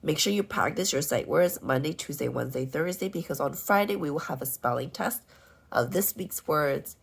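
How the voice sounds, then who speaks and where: Very low-pitched husky woman teaching first grade. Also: lively intonation. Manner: slow, clearly spelled-out teacher talk. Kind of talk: homework walkthrough lesson.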